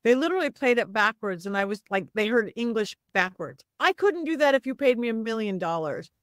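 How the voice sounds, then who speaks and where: A middle-aged woman, a psychic medium, telling a story with lively swings in her voice and acting out the people in it. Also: a little fast, dry recording, studio quality. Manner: acts out voices in quotes, lively swings of pitch. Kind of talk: animated storytelling.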